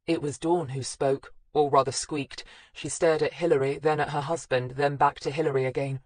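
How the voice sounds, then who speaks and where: Low-pitched lady reading a detective novel, calm and even, dry studio sound. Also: normal speed, few pauses, dry recording. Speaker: audiobook narrator. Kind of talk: scripted narration.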